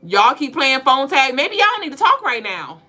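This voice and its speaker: Profane, animated woman with bright voice. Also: sits high, normal speed, faint music behind. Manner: profane, joking, animated storytelling. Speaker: podcast co-host. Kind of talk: casual live-stream talk on spirituality.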